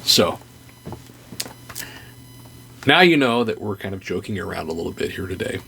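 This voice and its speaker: A man's voice: sits low, sing-song, normal speed, gravelly, sharp tone, slight background noise. A man hosting a podcast, telling stories in an earnest, casual way and then offering encouragement. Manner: earnest, anecdotal, with restarts. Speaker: podcast host.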